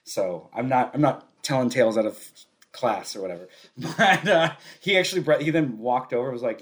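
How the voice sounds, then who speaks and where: A man's voice: medium pitch, fairly quick. A man co-hosting a podcast, telling a long, rambling story in casual chat, often laughing and restarting his sentences. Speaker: podcast co-host.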